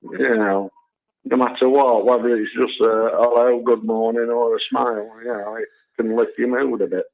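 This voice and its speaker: A man's voice: medium pitch, steady tone, moderate pace, gravelly. Man rambling over a phone line. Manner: chatty, lots of filler tags like "you know" and "and all that". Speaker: phone-in caller. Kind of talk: rambling anecdote on a call-in show.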